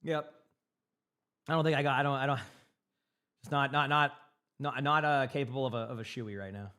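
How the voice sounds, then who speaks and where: A young male streamer with a light Boston accent chats casually with his viewers. He rambles and stumbles over repeated words as he answers questions from chat. His voice sits at an ordinary middle pitch. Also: fairly even intonation, moderate pace, bright, forceful tone, smooth. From Massachusetts.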